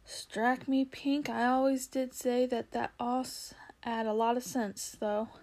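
A woman voicing a rough, homely male cab driver in a storybook reading, speaking slowly and gruffly. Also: on the high side, little pitch movement, darkish tone. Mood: amazed. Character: rough old London cab driver man.

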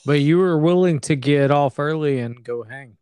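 A woman's voice: deep voice, normal speed, dark tone, clear, resonant tone, no room sound. A woman hosting a casual chat, reacting bluntly and asking follow-up questions.

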